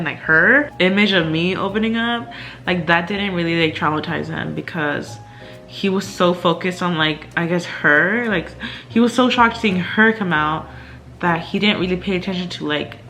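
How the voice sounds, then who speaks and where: Chatty young woman vlogger, low voice. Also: fairly bright tone. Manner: chatty, candid, full of fillers and laughter. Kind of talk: casual chat. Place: indoors at home.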